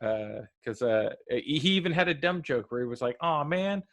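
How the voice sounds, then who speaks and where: Male co-host, mid-pitch, rambling and halting with fillers, casual review talk. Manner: rambling, halting, many fillers, animated quoted voices. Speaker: podcast co-host reviewing a TV episode.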